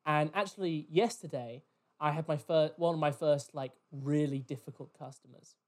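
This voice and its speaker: A man's voice: on the high side, moderate pace. A man on a podcast telling a story about a rude customer in casual chat, swearing and acting out what people said. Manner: animated, swears, mimics customers in quoted voices. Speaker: podcast host. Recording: poor quality audio.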